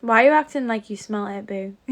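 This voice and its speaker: A woman's voice: a little high, moderate pace. A young woman from England, chatting casually on a phone livestream, giggling as she reads out and answers viewer comments. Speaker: livestream host. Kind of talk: casual live-stream chat reading comments.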